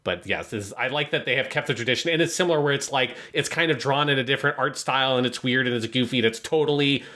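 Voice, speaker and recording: A man's voice: mid-range voice, quick pace, sharp tone. A man co-hosting a podcast, picking apart a story in casual, analytical chat and swearing now and then. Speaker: podcast co-host.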